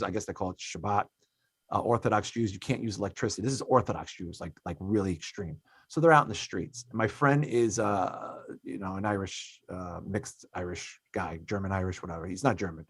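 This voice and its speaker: A man in his thirties hosting a podcast, telling a story in an animated, profane way, swinging between loud and quiet. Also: on the low side, slightly rough, no room sound. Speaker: podcast host. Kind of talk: casual podcast chat.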